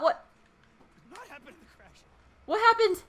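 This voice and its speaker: A woman playing a horror game and reacting out loud, frightened, swearing, gasping and laughing nervously. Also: high voice, very animated, measured pace. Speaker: let's play gamer.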